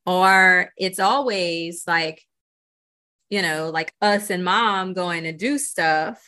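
Woman opening up on a podcast, earnest, lots of "you know", low-ish pitch, bright edge. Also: takes it slowly. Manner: earnest and reflective, many "you know" and "right?". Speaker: podcast guest. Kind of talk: candid interview conversation.

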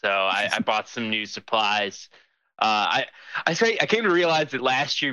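A man's voice: mid-range voice, sharp tone, no echo. A man in casual chat with friends, talking eagerly about his new gear. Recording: dull lo-fi mic.

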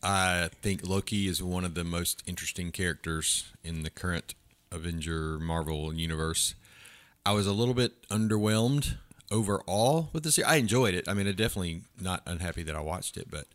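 A man with a low voice shares his opinions on a casual podcast, pausing and trailing off as he thinks, with a few quick quips along the way. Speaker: podcast co-host. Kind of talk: casual chat.

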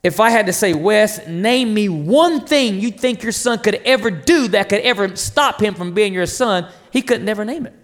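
A man in his thirties preaches with a voice pitched very high for a man. His delivery is lively, with the pitch swinging widely. He pleads and asks the congregation questions. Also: normal speed, hardly any pauses, big-room sound. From North Carolina, USA. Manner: passionate, animated preaching with rhetorical questions to the crowd. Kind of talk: sermon.

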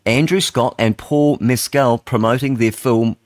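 A man, hosting talk radio in a chatty, rambling way, reading headlines aloud and thinking out loud. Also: mid-range voice, steady tone, measured pace, no room sound, studio quality. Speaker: radio host. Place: radio studio.

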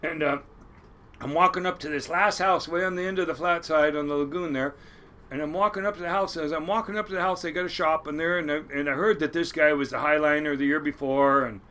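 Man, fifties, high voice, bright tone, rambling and profane storytelling. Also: fast. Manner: rambling, profane, laughs often, acts out voices. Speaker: storyteller guest. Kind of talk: casual storytelling interview.

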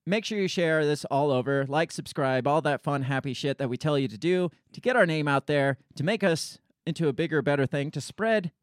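A man hosting a podcast in a loose, rambling way, blunt and quick to swear. His voice sits a touch high. The sound is dry and close, with no room in it. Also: no echo. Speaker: podcast host. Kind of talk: casual political podcast chat.

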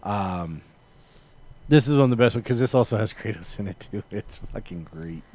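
A man's voice: fairly low pitch, animated, moderate pace, a little mellow, slight background noise. A man co-hosting a casual podcast, teasing his partner and going on sarcastic joking rants. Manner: sarcastic, teasing, ranting jokes. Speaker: podcast co-host. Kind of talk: casual chat.

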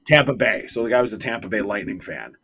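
A man's voice: on the low side, fast, husky. A man co-hosting a podcast, telling stories in a casual chat and acting out the quotes. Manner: animated, acts out quotes.

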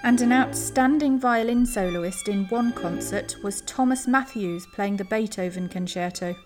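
Woman reading a memoir aloud, measured. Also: mid-range voice, over music.

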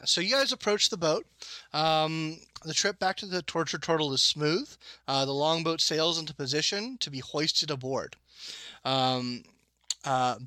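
A man's voice: fairly high pitch, pushed and bright, no room sound. A man narrating as game master for a tabletop game, hesitant with many ums.

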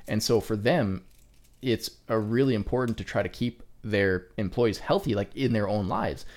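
A man's voice: on the low side, darkish tone. A young man co-hosting a podcast, chatting casually and rambling with lots of fillers and casual swearing. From Canada. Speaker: podcast co-host. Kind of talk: casual chat.

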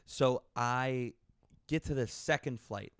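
A young man with a smooth, clear mid-pitched voice tells a story in casual chat and acts out the other people in it. The sound is dry and close. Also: slow pace, no room sound. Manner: tells stories, acting out both sides. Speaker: podcast co-host.

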